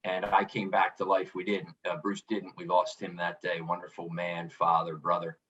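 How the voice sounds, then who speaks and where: A middle-aged man speaks in a fairly low voice as a podcast guest, earnest and reflective, with frequent restarts. He sits away from the mic. The remote recording sounds dull. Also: monotone, normal speed, fairly bright tone, far from the mic. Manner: earnest, reflective, many restarts and "you know". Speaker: podcast guest, author and coach. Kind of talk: candid storytelling interview.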